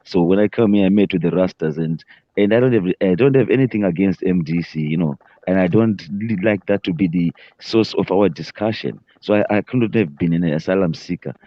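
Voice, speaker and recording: A man from Zimbabwe in a casual panel discussion, talking rapidly and mixing English with Shona. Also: low voice, no echo, highs cut off. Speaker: panel guest.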